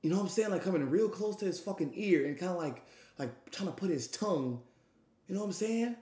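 A man's voice: high voice, lively intonation, fairly quick, dark tone, echoey room. A man telling a wild story in a rambling, profane way, acting out what others said. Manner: profane, rambling, acts out quotes. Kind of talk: animated storytime.

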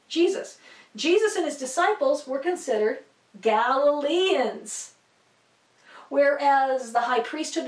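A woman teaching about the Bible in a casual, rambling way, full of fillers and asides. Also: high voice. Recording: echoey room, distant from mic.

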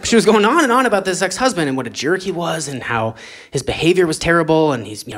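A man's voice: animated, fast. A man doing a stand-up comedy set on a club stage into a handheld mic, wry and drawling. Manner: wry, drawling delivery that climbs into high shouting rants. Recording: live club recording with loud audience laughter.

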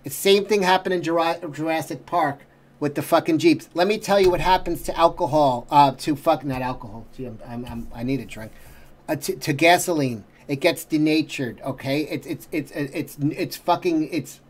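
Middle-aged male reaction host, exasperated and foul-mouthed, slightly raised pitch. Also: moderate pace. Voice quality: swears constantly, exasperated. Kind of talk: profane ranting commentary.

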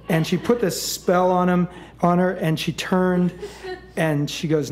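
A middle-aged man on a live stage telling a rambling comic fairy tale, chuckling through deadpan asides. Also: fairly high pitch, slow pace.

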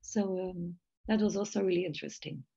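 A lowish, creaky, mellow voice comes through dull audio at a slightly fast pace. She's a Belgian woman who teaches jazz voice, speaking English in a video-call interview where she thoughtfully analyzes singing technique with light laughs between points.

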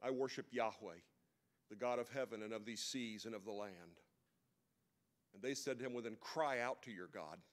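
A man's voice: lowish voice, normal speed. A man giving a sermon at a men's breakfast, retelling a story in an easy conversational way with occasional asides.

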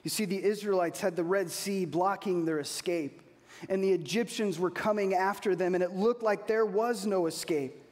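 A man preaching a sermon as pastor, earnest, slowing down to repeat key phrases. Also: high-pitched, darkish tone. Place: church hall. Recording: long reverb of a large hall.

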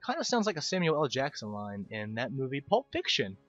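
A man's voice: mid-range voice, wildly swooping pitch, brisk, a bit bright, highs cut off, soft background music. A man hosting casual game commentary, rambling, stumbling over words and poking fun at himself. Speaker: gaming video host.

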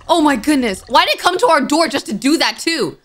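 A woman's voice: high-pitched, lively intonation, fairly quick, a little hiss or hum. A woman giving let's-play commentary, jumpy and flustered. She keeps crying out in alarm and pleads with the game under pressure. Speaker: gaming YouTuber. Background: game music.

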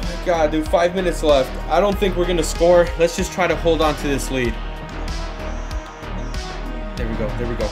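A young man commenting live on his own football video game match, excitable, with frustrated outbursts and shouts at big moments. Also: on the high side, moderate pace, long pauses, over music. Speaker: gaming YouTuber.

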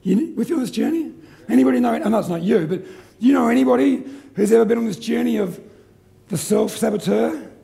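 A middle-aged man giving a live seminar talk, energetic and joking as he quizzes the audience. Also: extremely high pitch, fairly quick, gravelly. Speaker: seminar presenter.

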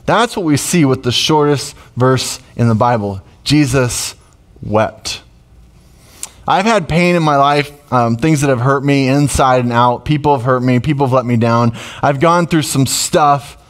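A middle-aged man preaching a sermon as pastor, conversational and emotional, with sudden loud rises. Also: medium pitch, animated, unhurried.

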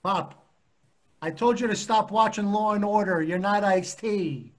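Actor as exasperated dad, fairly high voice, scolding. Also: male voice, a little slow. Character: exasperated middle-aged son and father.

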